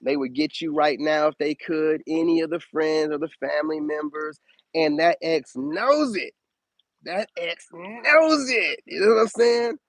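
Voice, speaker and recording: Casting: animated male streamer, preachy, highish voice, close dry mic. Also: moderate pace, no echo, rough recording. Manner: animated, preachy, swoops up high for emphasis. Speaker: spiritual advice streamer. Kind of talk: casual live-stream monologue.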